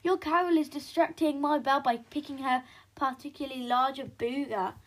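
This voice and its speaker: A woman reading aloud, voicing a boastful posh mother who pushes her daughter and talks in a loud, commanding way. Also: sits high, slow, creaky, exaggerated voice. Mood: indignant.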